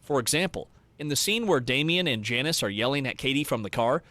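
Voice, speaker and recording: A man giving scripted narration of movie trivia in a brisk, reading style. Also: mid-range voice, animated, sharp tone, no echo.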